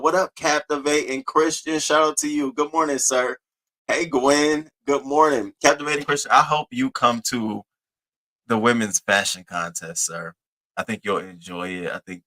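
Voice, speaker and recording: Male live-stream host, bright tone, loose profane chatter, playful singsong shout-outs to viewers. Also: mid-range voice. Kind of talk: casual live-stream chat greeting viewers.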